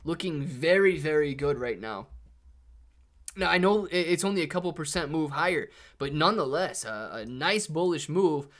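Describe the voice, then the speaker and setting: Young male streamer, higher-pitched, excitable, breathless market hype. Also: moderate pace. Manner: hyped, thanks viewers by name. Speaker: live stream host. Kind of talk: live stream chat and market commentary.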